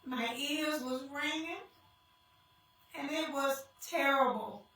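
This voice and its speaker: Lady telling her story through tears, kinda high voice, far from the mic in a super echoey church. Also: steady tone, slow, a bit bright. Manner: addresses the crowd as y'all, tearful. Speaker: guest speaker sharing testimony. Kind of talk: emotional personal testimony. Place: church sanctuary.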